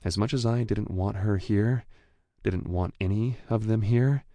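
A man reads a first-person novel in a low, gravelly voice. His delivery is slow and measured. The recording is dry and close, with no room sound. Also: warm tone, dry recording. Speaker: audiobook narrator. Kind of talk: first-person scripted narration.

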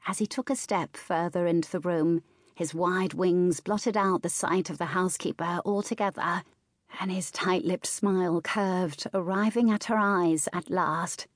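A female audiobook narrator reads scripted narration from a historical romance in a measured, expressive way. Her voice is fairly low, and the recording is dry and studio quality.

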